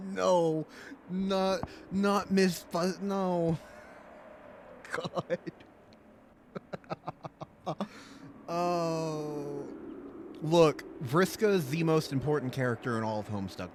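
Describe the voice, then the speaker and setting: A man's voice: a little high, steady tone, takes it slowly, long pauses, slight background noise. A young man streaming a game, chatting casually, laughing often and swearing. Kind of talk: let's play commentary.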